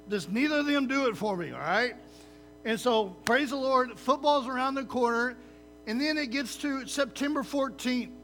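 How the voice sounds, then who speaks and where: A man preaching a sermon in a lively, conversational way, often checking in with the listeners with "right?" and using sports comparisons. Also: extremely high pitch, slight background noise. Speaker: pastor.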